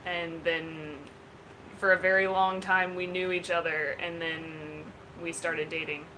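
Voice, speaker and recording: An American woman in her thirties, co-hosting a casual livestream chat from home, playful and quick to giggle. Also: fairly low pitch, little pitch movement, sharp tone, a little hiss or hum. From United States. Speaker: livestream co-host. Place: home room.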